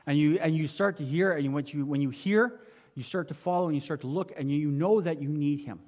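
A man preaching a conversational sermon, his voice sitting a little high for a man. He asks the listeners rhetorical questions and swings between emphatic, raised lines and quiet, low asides. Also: a little fast. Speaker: pastor.

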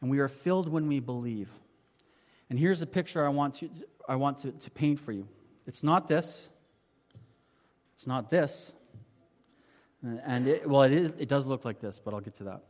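A man preaching a sermon in a conversational way, asking the congregation rhetorical questions and moving between emphatic and quiet passages. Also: fairly quick. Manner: swings from emphatic to quiet and low. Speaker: pastor.

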